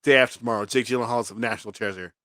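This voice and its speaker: Bright-voiced man laughing through a review. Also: mid-range voice, fairly even intonation, rapid-fire, no room sound, studio quality. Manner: laughs often, swears freely. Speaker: podcast co-host. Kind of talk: casual movie review chat.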